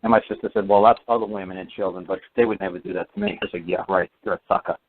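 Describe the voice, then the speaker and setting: Guy rambling thru a story, kinda low voice, acts out quotes, sounds like a phone call. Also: steady tone, racing, vocal fry, slight background noise. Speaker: speaker giving recorded teachings. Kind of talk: casual storytelling monologue. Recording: tinny phone-line sound.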